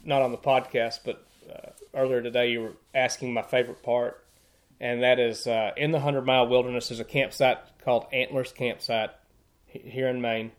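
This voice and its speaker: A man of ordinary pitch tells trail stories as a podcast guest. He is earnest and plainspoken, and he often repeats a word before finding his thought. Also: little pitch movement, normal speed. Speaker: podcast guest, thru-hiker. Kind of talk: casual storytelling.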